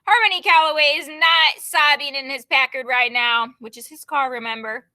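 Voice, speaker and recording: A woman's voice: high voice, fairly even intonation, normal speed, pushed and bright. A woman teacher reading a novel aloud over a video call, stopping to explain it in a chatty way and check in with her students.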